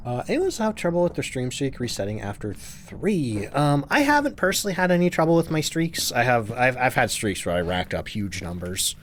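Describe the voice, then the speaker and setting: A man's voice: mid-range voice, sing-song, moderate pace, hardly any pauses, slight background noise. A man casually chatting on a live game stream, reading out chat questions and answering them while he plays.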